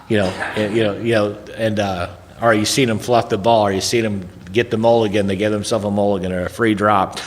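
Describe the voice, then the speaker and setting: A man's voice: lowish voice, fairly even intonation, brisk, slight background noise. Folksy man in an echoey hall. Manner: folksy, rambling, conversational, drops in "man" and "right?". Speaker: recovery speaker. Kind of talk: storytelling talk at a recovery event. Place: large hall at a recovery event. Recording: long reverb of a big hall.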